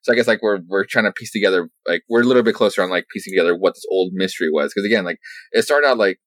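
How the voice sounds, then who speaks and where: A man with a low voice rambles through his thoughts on a comic, leaning on filler words as he goes. The sound is dry and close. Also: very fast, fairly bright tone, no room sound. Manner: rambling, heavy use of "like" fillers. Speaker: comic book podcast co-host. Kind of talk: casual chat.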